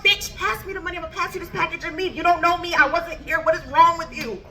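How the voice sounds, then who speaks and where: A woman's voice: very high-pitched, steady tone, fast talker, bright, forceful tone, pitched above the performer's own voice. A woman doing a blunt, scolding friend. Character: curt annoyed woman friend selling weed.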